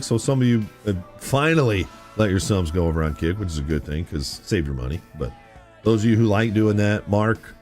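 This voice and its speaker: A man chatting casually with viewers on a gaming live stream, rambling through stories and blurting out reactions. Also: lowish voice. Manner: animated, rambling storyteller who blurts out reactions.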